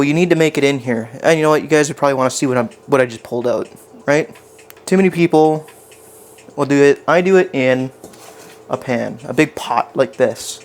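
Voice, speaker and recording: A man's voice: medium pitch, a little hiss or hum. A man chatting casually while cooking on a live stream in his home kitchen, rambling and poking fun at himself as he talks to his chat.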